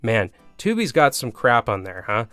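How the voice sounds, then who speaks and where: A Canadian man with a Canadian accent narrating a comedic movie review, with sarcastic deadpan asides. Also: mid-range voice, normal speed, no echo, faint music behind. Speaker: video reviewer host.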